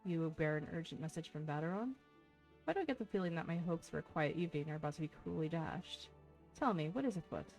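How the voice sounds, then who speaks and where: A woman's voice: low voice, lively intonation, quick pace, darkish tone, soft background music, low-quality recording. A woman voicing a formal, weary male naval commodore, reading his game lines aloud with dry courtesy. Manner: courteous, stiff, dryly put-upon.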